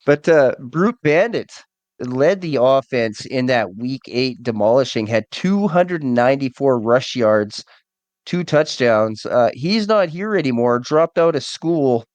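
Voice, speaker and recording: A man doing casual play-by-play commentary on a video game league stream, relaxed and joking, still getting over a cold. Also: medium pitch, takes it slowly, no room sound. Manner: relaxed, jokey, rambling. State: recovering from a cold.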